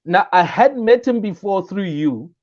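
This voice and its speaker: A man's voice: high voice, unhurried, lo-fi sound. A young South African man, a comedian guest in an interview, telling stories animatedly and acting out the voices of the people in them. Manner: animated, acts out quoted voices. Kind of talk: casual interview storytelling.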